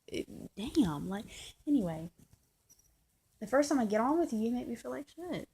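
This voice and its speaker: Husky woman venting in a rambling rant. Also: on the high side, very animated, normal speed, mellow. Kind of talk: casual vlog rant.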